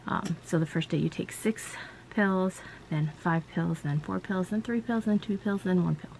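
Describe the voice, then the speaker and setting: A woman vlogger with a low, gravelly voice rambles through a personal story in casual chat, leaning on "you know" and "like" as she goes. A faint ambient hum sits behind her. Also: moderate pace, darkish tone.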